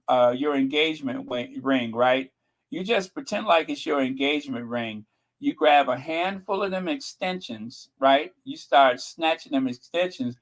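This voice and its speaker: A man's voice: a little high, rough recording. A man hosting his channel in casual gossip commentary, sassy and mocking. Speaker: channel host.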